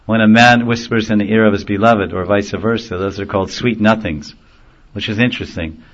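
A man teaching a devotional sermon in a gentle storytelling manner, chuckling now and then at his own jokes. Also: fairly low pitch, steady tone, brisk, slight background noise. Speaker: spiritual teacher. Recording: dull lo-fi recording.

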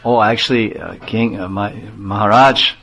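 A man's voice: on the low side, steady tone, moderate pace, gravelly, fairly bright tone, slight background noise. A man voicing a humble, sly talking dog pleading politely before a king in a spoken fable. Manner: deferential, pleading storytelling.

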